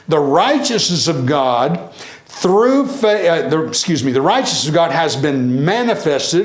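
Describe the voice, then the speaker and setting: A man preaching a sermon in a church, animated, varying his pace and acting out the people he quotes. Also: fairly high pitch, roomy sound. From Tennessee.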